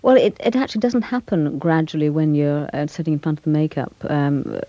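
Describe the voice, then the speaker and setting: An older actress giving a radio interview, speaking thoughtfully with frequent pauses, fillers and restarts. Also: female voice, low voice, expressive, dark tone, no room sound, muffled recording. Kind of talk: reflective interview conversation.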